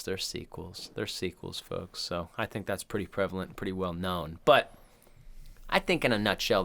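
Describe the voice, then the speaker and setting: A man's voice: sits low, fairly bright tone. A man in his thirties, co-hosting a podcast, casually retelling a movie in a loose, profane, rambling way. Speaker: podcast co-host. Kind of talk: casual chat.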